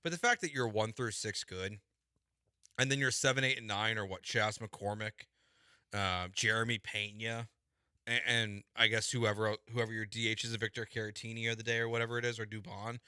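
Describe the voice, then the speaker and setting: A man's voice: lowish voice, steady tone, moderate pace, bright, forceful tone, clear, resonant tone, dry recording, clean studio sound. A man co-hosting a sports radio show, chatting casually in a musing way about baseball. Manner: conversational, musing, trailing off.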